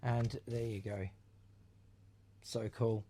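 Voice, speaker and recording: A man's voice: mid-range voice, little pitch movement, slow pace, warm tone. A man hosting a casual video about his record collection, talking with rambling enthusiasm, swearing freely and leaning on fillers. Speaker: vlog host reviewing his record collection. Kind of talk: casual chat.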